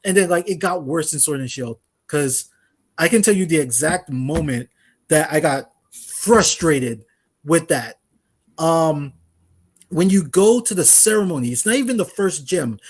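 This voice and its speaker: A man's voice: fairly high pitch, animated, measured pace, breathy edge. A young man co-hosting a casual gaming podcast, ranting animatedly with laughs and acted-out quotes. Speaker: podcast co-host.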